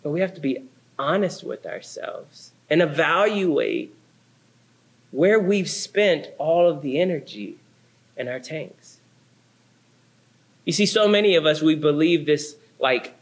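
A man's voice: fairly high pitch, a little slow. A young adult man preaching a sermon, telling a story with laughs and sound effects. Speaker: pastor.

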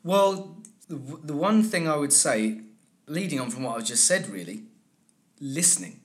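A man talking as a guest accent coach in a relaxed interview, earnest and rambling, with many restarts. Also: fairly high pitch, normal speed. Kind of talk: conversational interview.

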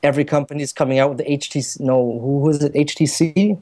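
A man from Germany co-hosting a podcast in casual chat, chatty and quick to laugh, sometimes putting on voices to make a point. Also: fairly high pitch, fairly even intonation, mellow. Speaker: podcast co-host.

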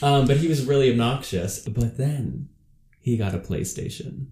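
A man co-hosting a casual comedy podcast, animated and joking, often acting out quotes. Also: mid-range voice, moderate pace, a little hiss or hum. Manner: animated, jokey, acts out quotes. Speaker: podcast co-host. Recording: roomy echo.

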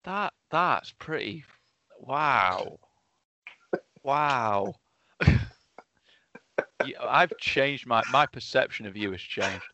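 A man's voice: mid-range voice, expressive, very slow, pauses often, pushed and bright. A man from England in casual chat, teasing his co-host in a playful way.

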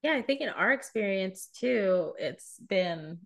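A woman hosting a podcast, talking in a relaxed, reflective, conversational way. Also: mid-range voice, measured pace, gravelly, dry recording, clean studio sound. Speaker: podcast host. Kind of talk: casual conversation.

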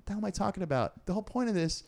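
A man's voice: high-pitched, animated, racing, creaky, a little mellow. A man co-hosting a podcast in casual chat, sarcastic and joking, with lots of fillers. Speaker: podcast co-host.

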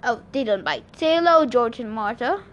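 Hermes, a woman doing a breezy, relaxed male god. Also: fairly high pitch, moderate pace, muffled recording, close to an everyday voice. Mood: easygoing. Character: calm, easygoing male god disguised as a jogger.

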